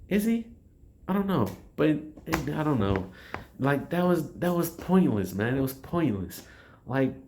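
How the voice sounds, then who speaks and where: A man giving a casual spoken film review, rambling and frustrated, with frequent restarts and swearing. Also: fairly high pitch. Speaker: movie reviewer.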